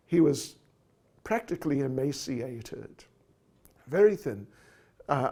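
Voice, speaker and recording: A man who is a devotee, recalling events in an interview in a measured, somber way. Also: medium pitch, creaky, dark tone. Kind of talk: personal reminiscence in an interview.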